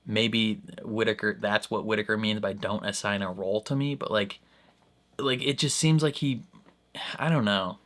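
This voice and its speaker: A young man hosting a reaction video, thinking out loud in casual commentary, full of "like" and "I don't know", often breaking into a laugh. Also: fairly low pitch, fairly even intonation, moderate pace.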